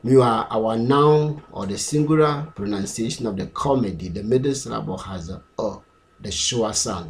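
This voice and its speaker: A man teaching pronunciation, drilling words slowly and repeating them many times. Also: medium pitch. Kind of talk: slow, repetitive pronunciation lesson.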